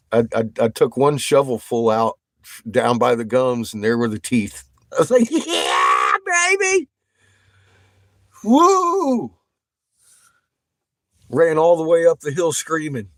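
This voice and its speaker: A man chatting casually with viewers on a livestream. He swears constantly, gets excited and laughs often. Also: medium pitch, dry recording.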